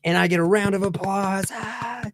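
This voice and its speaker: A man telling a story in a casual chat show, animated and heated, laughing as he goes. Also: high voice, moderate pace, slight background noise. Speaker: guest on a talk show.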